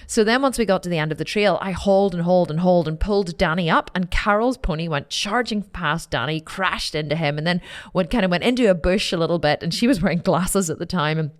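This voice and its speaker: A woman hosting a podcast, telling a personal story in a candid, animated way, repeating phrases and swearing casually. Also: fairly low pitch, fast. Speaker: podcast host.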